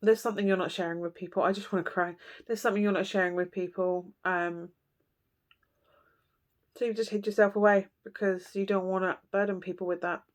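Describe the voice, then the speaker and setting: A woman's voice: medium pitch, fairly even intonation, brisk. A woman in a mid-range voice gives a casual tarot reading straight to her viewers. She talks bluntly and chattily, full of fillers and asides. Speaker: tarot reader.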